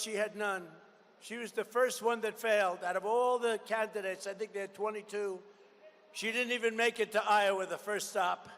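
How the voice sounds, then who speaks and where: Older male candidate, high-pitched and forceful, combative, repetitive rally delivery, big reverberant venue. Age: 70s. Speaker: political candidate. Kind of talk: campaign rally speech. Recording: long arena reverb, faint background noise.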